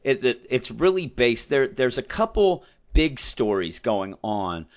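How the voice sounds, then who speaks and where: A man co-hosting a casual podcast about comics, talking in an animated way and sometimes acting out lines from characters. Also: medium pitch, a little slow. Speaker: podcast co-host. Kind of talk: casual comic book discussion. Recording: dull lo-fi sound.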